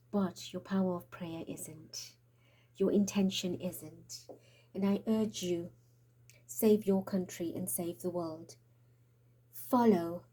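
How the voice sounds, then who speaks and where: A tarot reader's monologue, delivered in a warm, slightly rough voice of medium pitch. She prophesies urgently, out of breath and trembling, and occasionally her words fall to a whisper.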